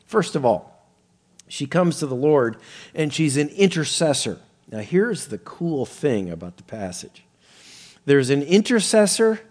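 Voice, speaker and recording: A middle-aged man preaching a sermon, animated and rising to near-shouts when he quotes people. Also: medium pitch.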